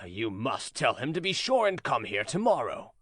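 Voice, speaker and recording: Huge old giant put on by a man, slow solemn speech, lively pitch, storybook reading. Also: slightly rough, no echo, clean studio sound. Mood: tender. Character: huge old male giant, gruff then tender.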